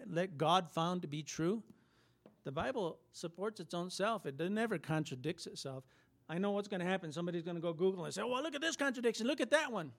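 A man preaching a sermon, emphatic and repetitive, firing off rhetorical questions to his listeners. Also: on the high side.

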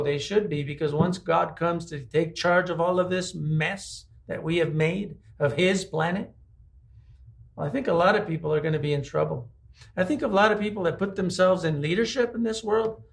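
A man's voice: a little high, gravelly. A man preaching a conversational sermon, asking his listeners many rhetorical questions. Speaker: pastor.

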